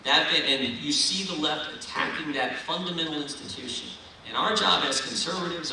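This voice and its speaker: Folksy, rousing male keynote speaker from Ohio, bright, slightly high voice, echoey hall, mic at a distance. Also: creaky, slight background noise. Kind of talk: political dinner speech. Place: large banquet hall.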